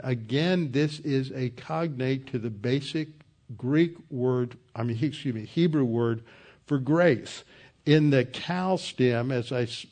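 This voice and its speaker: A man of medium pitch leads a verse-by-verse Bible teaching. He explains word meanings patiently, often pausing with fillers and restarting his sentences as he quotes scripture. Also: darkish tone. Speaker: pastor teaching a Bible study.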